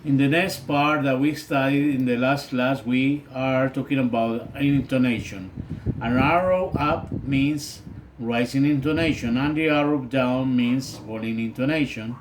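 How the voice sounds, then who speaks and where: Brief: man teaching English, slow and hesitant, faint background noise. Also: medium pitch. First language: Spanish. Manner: hesitant, with many fillers. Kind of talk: recorded video lesson.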